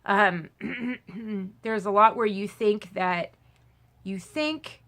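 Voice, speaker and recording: A woman chatting casually to camera as a movie vlogger, rambling with lots of fillers and restarts, and bursting into excited squeals. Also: medium pitch, extremely slow.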